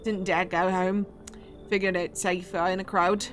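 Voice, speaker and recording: A woman voicing a weary male grave digger in a rough, folksy put-on British-sounding drawl, in a video game. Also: lowish voice, level tone, moderate pace, faint music behind, natural voice. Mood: spooked. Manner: rough folksy drawl, stumbling over words.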